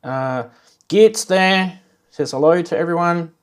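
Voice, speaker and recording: A man's voice: high voice, takes it slowly, clear, resonant tone. A man with an Australian accent hosting a casual livestream, cracking corny jokes and greeting viewers by name. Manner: jokey, rambling, greets chat by name. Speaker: livestream host.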